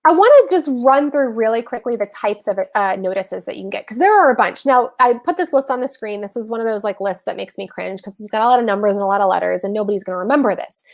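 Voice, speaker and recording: A woman's voice: mid-range voice, animated, fast talker, creaky, few pauses, darkish tone. A woman hosting a casual livestream explainer on personal finance, chatty and self-correcting, often addressing her viewers as y'all. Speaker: host of a live personal-finance session.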